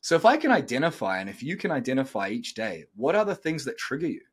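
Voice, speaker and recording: A man's voice: medium pitch, very animated, fast talker, breathy edge. A middle-aged man hosting a podcast, talking bluntly and coaching listeners, swearing freely. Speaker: podcast host. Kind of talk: casual podcast talk.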